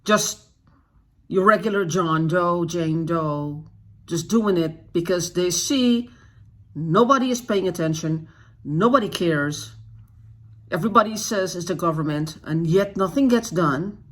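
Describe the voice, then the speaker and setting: This is a husky, slightly rough voice in an unscripted vlog monologue, pitched in the middle of the range. The speaker sounds agitated and keeps firing off rhetorical questions. Sentences often stall and restart, and key phrases get said twice for emphasis. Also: unhurried, fairly bright tone. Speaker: YouTube channel host.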